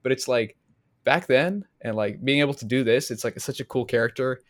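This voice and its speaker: A man co-hosting a podcast in casual chat, relaxed, with many fillers, often trailing off. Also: mid-range voice, a little fast. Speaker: podcast co-host.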